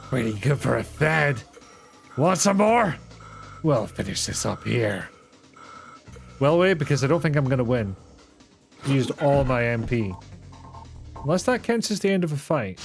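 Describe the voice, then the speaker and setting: Sweary, animated male game streamer. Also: medium pitch, gravelly. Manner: swears freely, sarcastic, self-mocking. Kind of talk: casual gameplay commentary.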